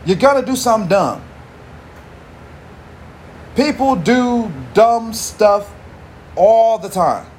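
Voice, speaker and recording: A high-pitched man runs a solo podcast. He rambles and swears freely, heavy on slang. A faint hiss of noise sits under his voice. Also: lively intonation, slow, long pauses, darkish tone. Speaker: podcast host. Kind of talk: casual monologue.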